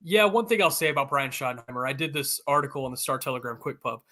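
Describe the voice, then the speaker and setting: Bright-voiced male sports reporter. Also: mid-range voice, animated, fast. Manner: fluent, informed, explanatory. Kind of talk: guest analysis in an interview.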